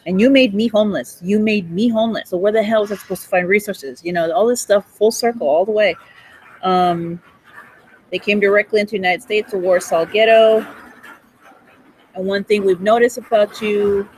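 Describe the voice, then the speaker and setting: A woman's voice: medium pitch, steady tone, normal speed, a little mellow, rough recording. A woman in her forties delivering a rambling, accusatory monologue, swearing and breaking into laughter, recorded in a hospital cafe. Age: 40s. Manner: rants with bursts of laughter and profanity.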